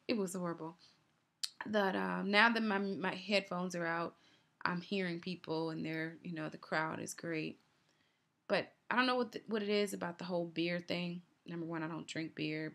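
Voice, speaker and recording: A woman's voice: fairly low pitch, creaky, a bit bright. A woman vlogger talking through her race in a chatty, earnest way, ending with encouragement for her viewers. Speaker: vlogger and new marathon runner. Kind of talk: casual personal race recap.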